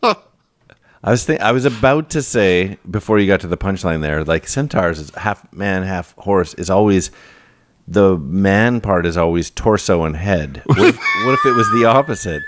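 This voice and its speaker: Deep-voiced man trading dry quips. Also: animated, a little slow, dry recording. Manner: dry quips, corrects his partner. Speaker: podcast co-host. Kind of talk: casual chat.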